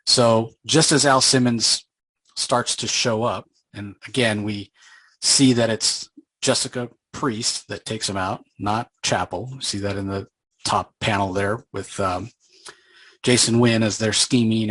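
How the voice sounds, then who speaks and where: Husky low-voiced man recapping comics. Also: fairly even intonation, measured pace, fairly bright tone, no echo, rough recording. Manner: loose, conversational retelling with frequent fillers. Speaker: comic book reviewer.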